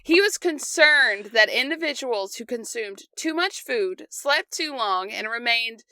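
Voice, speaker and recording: Bright-voiced woman reading history notes. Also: fairly high pitch, animated, dry recording. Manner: reads notes aloud with quick asides and laughs. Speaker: podcast co-host. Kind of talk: casual history podcast chat.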